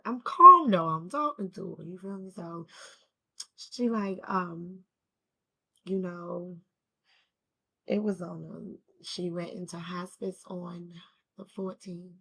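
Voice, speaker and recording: A grieving woman telling a personal story in a casual, rambling, slangy way, laughing between thoughts and swinging between calm and anger. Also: lowish voice, creaky. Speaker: vlogger sharing a personal story.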